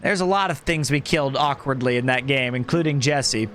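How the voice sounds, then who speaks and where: A man's voice: mid-range voice, fairly quick, fairly bright tone, a little hiss or hum. A man streaming a video game, chatting casually and rambling to his viewers between puzzles. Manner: chatty, rambling, talks to chat. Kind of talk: casual gaming stream chat.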